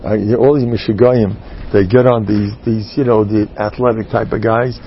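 A man, a rabbi and teacher, giving a humorous inspirational talk to a group, animated and jumping into character voices. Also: medium pitch, normal speed, highs cut off, a little hiss or hum.

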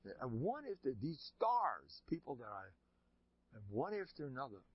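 Animated man telling a sermon story. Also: medium pitch, moderate pace, breathy edge, dry recording. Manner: animated, acts out characters in stories. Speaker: speaker giving a religious talk. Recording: dull lo-fi recording.

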